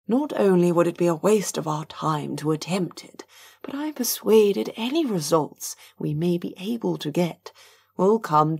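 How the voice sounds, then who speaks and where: A woman's voice: on the low side, vocal fry, darkish tone, slightly rough, exaggerated voice. A woman reading an audiobook, voicing a dry, sarcastic middle-aged noblewoman.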